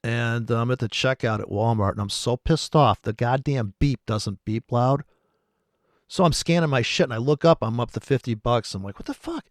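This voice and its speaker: A man streaming about forex trading, ranting in a rambling, profane way with sudden loud outbursts. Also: medium pitch, moderate pace, dry recording, clean studio sound.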